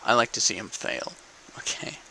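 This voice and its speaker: A man's voice: moderate pace, pushed and bright, low-quality recording. A young man in a casual, profane political rant to camera, asking "okay?" between points. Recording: faint background noise.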